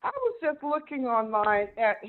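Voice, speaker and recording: A woman's voice: on the high side, big pitch swings, moderate pace. A woman calling in to a talk show, carefully reading out names and details from a list. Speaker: caller. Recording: tinny phone line.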